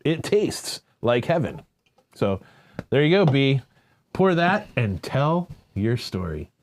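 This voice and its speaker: A man's voice: mid-range voice, very animated, slow pace, slight background noise. Playful guy cohosting a beer chat, voice bouncing all over, raving about drinks. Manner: gushing, playful, teasing. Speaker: podcast co-host. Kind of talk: casual beer-tasting chat.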